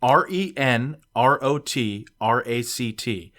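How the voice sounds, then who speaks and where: A man's voice: mid-range voice, expressive, slow, fairly bright tone. A man co-hosting a casual podcast, reading listener tweets aloud and rambling with many fillers. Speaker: podcast co-host.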